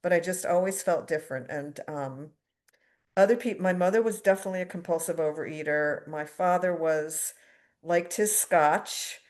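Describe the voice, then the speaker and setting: A woman's voice: fairly low pitch, darkish tone. A middle-aged woman from the United States giving a candid, self-deprecating personal recovery share at a twelve-step meeting, with fillers and wry asides.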